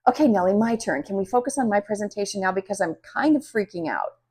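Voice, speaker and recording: A woman voicing a friendly schoolgirl who sounds eager and worried, in a soft, breathy voice. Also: mid-range voice, expressive, fast talker.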